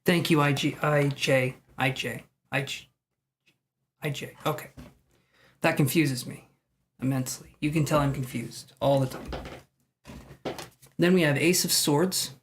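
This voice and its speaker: This tarot reader is a man with a somewhat high voice who runs a live stream, drawing cards for viewers while he rambles, muses out loud and teases himself. He speaks a little slowly with fairly even intonation and pauses often.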